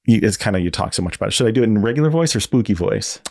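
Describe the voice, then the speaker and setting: Very fast and lively in intonation, this man has a lowish, creaky, darkish voice. He's a guest designer in a casual interview. He tells a story in a rambling way, frequently correcting himself.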